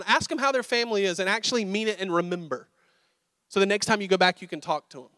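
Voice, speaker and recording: Casual pastor preaching. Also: male voice, high-pitched, quick pace, no echo, studio quality. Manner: casual storytelling, animated and conversational. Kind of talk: sermon.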